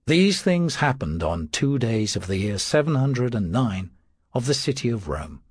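A man's voice: mid-range voice, very animated, a little slow, a little mellow, breathy edge, no room sound. Dry, wry male audiobook narrator.

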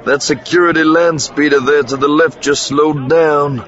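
A man's voice: fairly high pitch, fairly even intonation, normal speed, fairly bright tone, highs cut off, a faint crowd, pitched above the performer's own voice, lightly acted. A male narrator voicing a wry, persuasive male gambler.

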